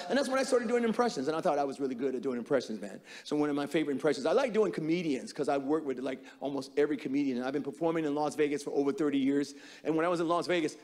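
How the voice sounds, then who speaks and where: A man's voice: on the high side, animated, racing, darkish tone. A man doing stand-up comedy as an impressionist, chatting loosely and laughing with a live audience in an echoey hall. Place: stage before a live audience.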